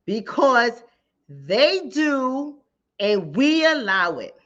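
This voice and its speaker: A woman's voice: fairly high pitch, very animated, extremely slow, muffled recording. A woman relationship coach, giving emphatic, repetitive commentary straight to her viewers. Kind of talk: casual commentary to camera.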